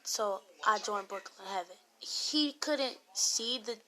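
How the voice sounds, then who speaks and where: A woman telling a casual story about an online game in a rambling way, getting louder when she quotes other people. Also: medium pitch, takes it slowly. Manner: rambling retelling with raised voice when quoting others.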